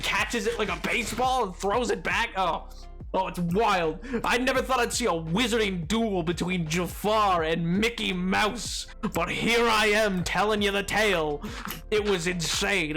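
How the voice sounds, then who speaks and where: High-voiced guy streaming a game, rambly and animated, stumbles over his words, faint music behind. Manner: animated, rambling, self-interrupting. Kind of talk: casual chat while gaming.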